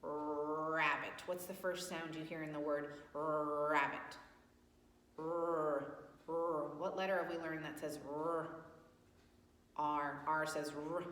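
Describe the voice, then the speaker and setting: A woman's voice: sits low, fairly bright tone. A woman teaching young children letter sounds at circle time, asking patient questions and praising answers. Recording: echoey room with long reverb.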